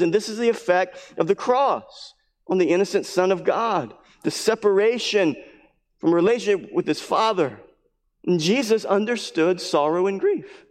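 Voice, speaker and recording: A man preaching a sermon as pastor, earnest, repeating his phrases and dropping to a hushed voice for emphasis. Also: sits high. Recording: long hall reverb.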